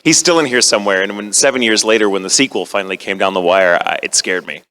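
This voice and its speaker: A man's voice: lowish voice, fast talker, bright, forceful tone. A man who works as a voice actor and scriptwriter, answering a question at a convention panel in an earnest, emotionally open storytelling way.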